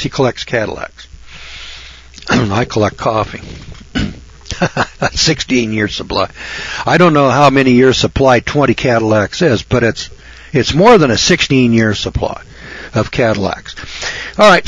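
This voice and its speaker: A man's voice: medium pitch, slightly rough, no echo, highs cut off. A man giving a folksy, sarcastic rant in casual talk to his audience. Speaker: online video host. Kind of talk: casual ranting monologue.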